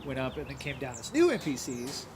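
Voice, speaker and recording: A man tells a game story in a relaxed chat, his pitch leaping up and down with lively energy. He keeps slipping into voices as he retells it. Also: a little fast, a little hiss or hum. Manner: animated, jumps into voices while retelling. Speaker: larp player recounting a game.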